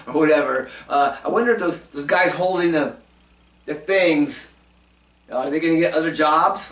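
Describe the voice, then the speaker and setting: A man's voice: a little high, a bit bright, echoey room, recorded from a distance. A man hosting a casual talk show, rambling through his commentary with lots of fillers and restarts. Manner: rambling, many fillers and restarts, chuckling asides. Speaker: show host doing commentary segments.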